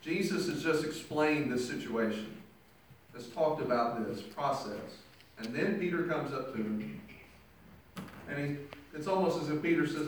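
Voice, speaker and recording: A man's voice: a little high, expressive, moderate pace, a bit bright. A male pastor delivering a sermon with emphatic preaching, acting out the people he quotes. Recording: very echoey church hall, mic from far off.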